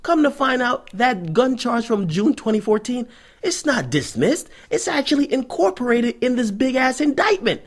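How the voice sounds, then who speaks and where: A man's voice: very high-pitched, big pitch swings, moderate pace. A young adult man hosting a vlog, ranting through hip-hop news commentary in a profane, sarcastic, storytelling manner.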